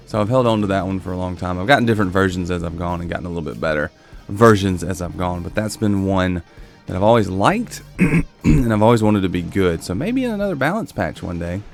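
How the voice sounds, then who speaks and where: A man's voice: low voice, creaky. A man hosting a casual gameplay video, musing and thinking aloud as he looks through gear. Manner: relaxed, musing, thinks aloud while browsing weapons. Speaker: gaming video host.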